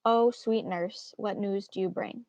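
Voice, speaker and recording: A woman's voice: medium pitch, fairly even intonation, a little slow, a little mellow, no room sound, highs cut off, lightly acted. A woman reading aloud as an impatient, eager teenage girl who pleads and presses with question after question. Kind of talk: read-aloud of a play.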